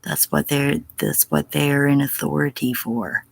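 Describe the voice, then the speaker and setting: A woman's voice: a bass voice, normal speed, no room sound. A middle-aged woman on a casual livestream answering chat, blunt and profane, sometimes dropping to a whisper. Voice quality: gravelly, husky.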